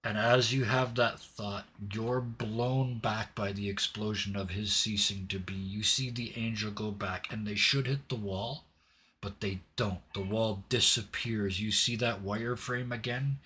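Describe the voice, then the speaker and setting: Low-voiced dramatic game master narrator. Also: male voice, steady tone, a little slow, sharp tone, a little hiss or hum. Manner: vivid, dramatic storytelling with hesitant restarts.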